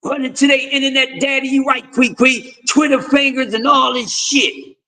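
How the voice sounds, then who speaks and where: Male stream host, very high-pitched, profane lecturing rant. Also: steady tone, moderate pace, bright, forceful tone, low-quality recording. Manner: profane, confrontational, lecturing with repeated refrains. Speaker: host of a boxing talk stream. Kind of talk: ranting commentary.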